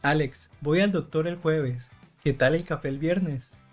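An actor playing a friendly young man making weekend plans in a scripted beginner dialogue, speaking politely and clearly. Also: on the high side, normal speed, soft background music, lightly acted. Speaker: actor in a story sketch.

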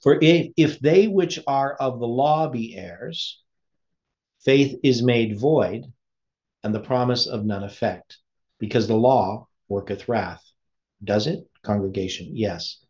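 A man's voice: medium pitch, takes it slowly, darkish tone. Man reading a sermon, lo-fi sound. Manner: asks the listeners rhetorical questions. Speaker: preacher. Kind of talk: reading a sermon aloud with commentary.

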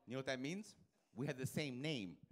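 A man's voice: medium pitch, lively intonation, brisk. A male stand-up comedian on a comedy club stage, doing brash, profane, teasing crowd work with the audience.

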